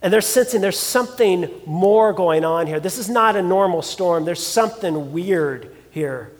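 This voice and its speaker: A man preaching a sermon, telling a scripture story with expressive emphasis. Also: high voice, unhurried, in a large hall. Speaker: pastor.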